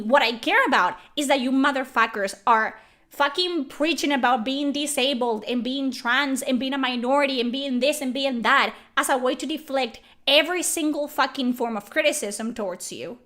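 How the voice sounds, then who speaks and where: Furious high-voiced woman ranting. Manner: furious, profane, yelling. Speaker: YouTuber. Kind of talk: angry rant to camera.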